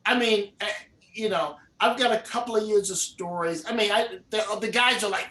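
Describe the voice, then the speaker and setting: A man, a film director and guest speaker, telling a story in an animated way at a university event and acting out the characters. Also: high-pitched, a little fast, roomy sound. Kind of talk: storytelling in a live conversation.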